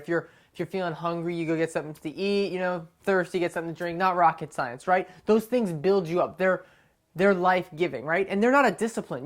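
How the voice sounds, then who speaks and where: Woman, lowish voice, casual devotional talk, conversational, to camera. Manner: conversational, keeps asking "right?". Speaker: devotional speaker.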